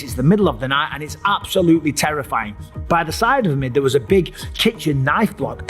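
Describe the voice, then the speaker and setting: A middle-aged man, telling a dramatic personal story as host and acting out his own cries and voices. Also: fairly high pitch. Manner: animated, acts out his own screams and voices.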